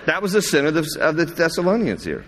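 A male pastor giving a sermon. He reads scripture with emphatic, rising delivery that slows on key words, then drops into casual asides. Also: on the high side, huge pitch swings, fairly bright tone, slight background noise. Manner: breaks into casual asides with fillers and restarts. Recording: echoey hall.

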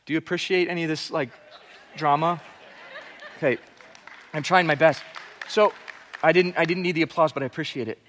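A man preaches through a Bible passage with animated energy, slipping into voices for the characters. His voice sits notably high for a man. The sound rings with the long reverb of a large hall. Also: brisk, long pauses, some chatter behind, slight background noise. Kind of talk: expository sermon.

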